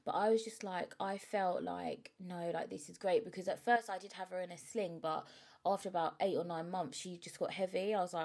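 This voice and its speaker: A woman's voice: on the low side, steady tone, a little fast, vocal fry, darkish tone. A young woman, chatting frankly and emotionally to camera, with plenty of fillers and swearing. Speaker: vlogger, mother. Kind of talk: casual chat to camera.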